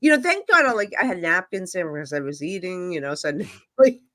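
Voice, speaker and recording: A woman guest, a psychic medium, telling stories in a casual interview and acting out the dialogue with quick asides. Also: fairly low pitch, animated, fairly bright tone.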